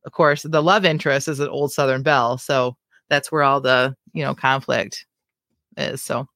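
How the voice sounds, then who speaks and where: A woman's voice: rumbling low, fairly even intonation, normal speed, a bit bright, dry recording. Woman co-host, chatty and self-deprecating, close dry mic. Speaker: podcast co-host. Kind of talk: casual chat and reading her own fiction aloud.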